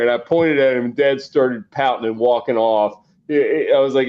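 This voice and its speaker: A man's voice: on the high side, moderate pace. Profane storytelling man, lo-fi audio. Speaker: podcast co-host. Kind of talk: casual storytelling chat. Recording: slightly dull lo-fi audio.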